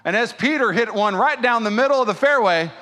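A man preaching a sermon as pastor, fervent and passionate, moving between loud preaching and quiet prayer. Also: very high voice, lively intonation, brisk.

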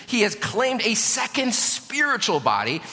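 Male pastor, sermon delivery, bright and forceful tone, long church reverb. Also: high-pitched, a little slow. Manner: animated, asks the congregation questions. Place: church sanctuary.

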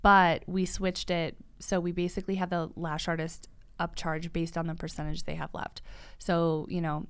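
A woman talking shop in a relaxed, chatty way, laughing easily and acting out what her clients say. Her voice sits a little low and sounds smooth and clear. The recording is close and dry, with no room sound. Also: moderate pace, no echo. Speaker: lash studio owner, podcast co-host. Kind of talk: casual business chat.

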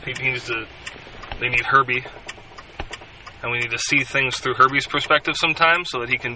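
A man's voice: medium pitch, steady tone, bright, forceful tone, distant mic, a little hiss or hum, low-quality recording. A man co-hosting a casual podcast, sarcastic and profane in his banter. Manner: sarcastic, profane, does quick mock voices. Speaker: podcast co-host.

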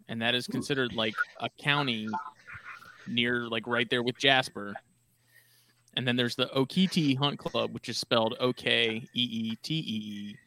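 A man's voice: medium pitch, sharp tone, smooth, dry recording. A man on a podcast round table, explaining at length in an easygoing, shrugging way. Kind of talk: casual round-table chat.

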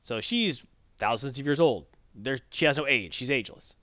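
A man's voice: medium pitch, animated, moderate pace, sharp tone, no room sound, muffled recording. A man chatting casually as a podcast host, rambling and correcting himself as he goes. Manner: rambling, self-correcting, enthusiastic. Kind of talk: casual chat.

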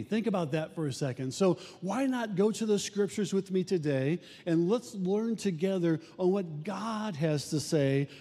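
A man's voice: high-pitched, warm tone. A male pastor preaching a sermon in an emphatic, repetitive preaching cadence. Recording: reverberant room sound.

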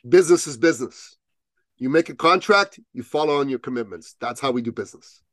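A man telling a story as a podcast guest, acting out both sides of the dialogue with rising, loud peaks. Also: medium pitch, animated, fairly quick, dry recording, clean studio sound. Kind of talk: animated storytelling in an interview.

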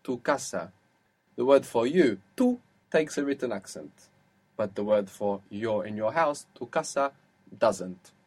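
A man's voice: medium pitch, lively intonation, a little slow, darkish tone, slightly rough. A man teaching a language lesson, patiently asking questions and explaining rules step by step.

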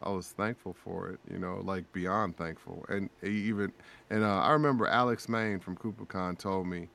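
A man with a deep, creaky voice speaks at normal speed as a guest on a podcast. In a casual chat, he tells an emotional story with animation, acting out the quotes as he goes.

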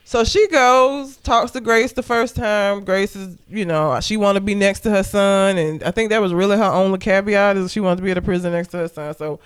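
A woman's voice: mid-range voice, moderate pace, few pauses, clean tone. A woman co-hosting a casual podcast, recapping a movie plot in a blunt, profane, joking way. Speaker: podcast co-host.

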